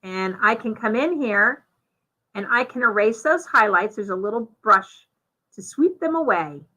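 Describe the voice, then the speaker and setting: A woman giving a live software demonstration, talking through each step in a chatty way with fillers. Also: a little high, expressive, a little slow, rough recording. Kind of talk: live software demo walkthrough.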